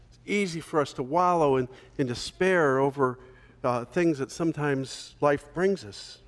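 A man preaching a sermon as pastor, telling a story in a relaxed conversational way with small fillers. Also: on the high side, long reverb tail.

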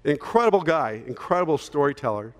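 A man's voice: on the high side, animated, fairly quick. Storytelling male pastor, sermon in a reverberant hall. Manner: storytelling, conversational with fillers.

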